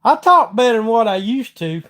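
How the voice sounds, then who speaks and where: This livestream host is a middle-aged man from Georgia with a Southern accent and a very high-pitched, fairly bright voice that swings widely in pitch, moving a little fast. Folksy and chatty, he reads out viewer comments and responds to them on his casual stream.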